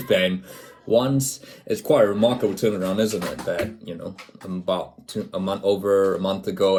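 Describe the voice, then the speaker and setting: Low-voiced man, halting rugby talk. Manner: halting, filler-heavy, thinking aloud. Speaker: rugby commentator. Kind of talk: casual rugby preview commentary.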